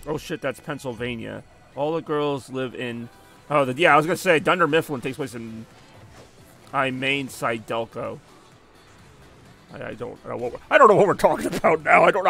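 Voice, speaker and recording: A man's voice: mid-range voice, a little fast, creaky, pushed and bright, faint music behind. A man live-streaming a car soccer game, chatting casually with viewers in a rambling, jokey way. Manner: rambling and jokey, answering chat between plays.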